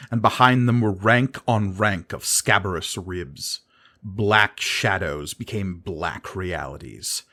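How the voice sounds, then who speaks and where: A man narrating a fantasy audiobook in a measured, dramatic reading style. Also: on the low side, bright, forceful tone.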